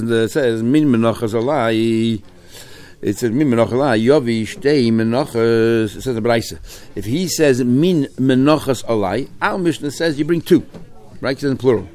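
Male Talmud teacher, lively, keeps asking the class questions. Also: mid-range voice. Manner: lively, mixes Hebrew-Aramaic terms into English, rhetorical questions.

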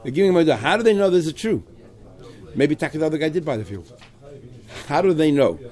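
Fast-talking man teaching Talmud. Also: fairly high pitch, very animated, a little mellow. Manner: rapid, mixing Hebrew-Aramaic terms with English, quotes lines. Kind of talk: Talmud study class.

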